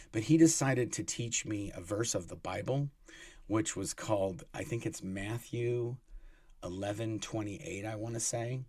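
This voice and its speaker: A man telling rambling, animated anecdotes as a guest, with many restarts. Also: lowish voice, slightly rough, no room sound. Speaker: guest, former Sea Org member. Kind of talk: casual storytelling in an interview.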